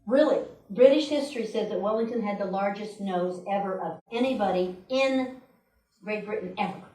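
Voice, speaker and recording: A woman giving a chatty, animated sermon in a church sanctuary, acting out quotes and laughing now and then. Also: medium pitch, moderate pace. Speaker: speaker at a church service. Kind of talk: conversational sermon. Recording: roomy echo, mic at a distance.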